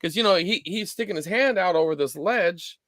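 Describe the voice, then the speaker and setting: A man in his forties co-hosting a live stream show, telling stories in a rambling, animated way with lots of fillers. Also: high voice, normal speed, dry recording, clean studio sound. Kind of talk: casual chat.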